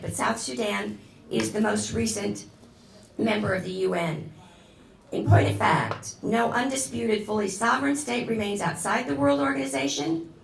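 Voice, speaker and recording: A woman guest lecturer giving a lively, chatty classroom talk, turning to the audience often. Her mid-pitched voice has a gravelly edge. She is recorded from a distance in a roomy, echoing hall, with a faint hum of ambience behind her. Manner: enthusiastic, digressive, addresses audience directly. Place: lecture room. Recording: echoey room recording from a distance.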